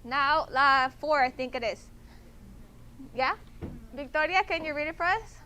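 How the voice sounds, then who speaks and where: A woman's voice: high-pitched, unhurried, pushed and bright, a little hiss or hum. A woman teaching a Spanish class, patient, checking often that students follow. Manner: patient, repeats and checks understanding with "okay?".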